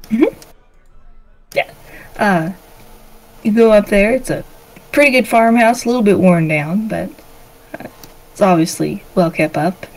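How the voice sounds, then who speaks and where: A woman's voice: medium pitch, a little slow, pauses often, low-quality recording. Woman game master, casual narration with lots of "uh"s. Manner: relaxed, filler-heavy narration.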